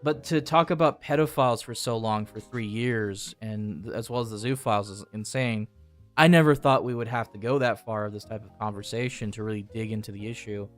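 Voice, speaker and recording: Young male host, deep-ish voice, loose profane rambling, light music bed. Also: fairly quick. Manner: rambling, profane, restarts often. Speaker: channel host. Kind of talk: casual podcast chat.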